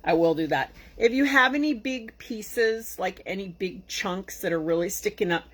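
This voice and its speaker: A woman's voice: mid-range voice, animated, normal speed. Chatty Boston-accented woman crafting. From Boston area. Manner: chatty, bubbly, rambling asides to viewers. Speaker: craft tutorial host. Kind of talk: casual live craft tutorial.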